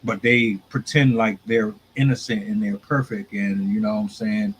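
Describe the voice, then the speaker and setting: A man's voice: fairly low pitch, little pitch movement, normal speed, husky, low-quality recording. Man hosting, loose slangy chat. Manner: loose, rambling, slangy talk with restarts. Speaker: podcast host. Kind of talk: casual commentary.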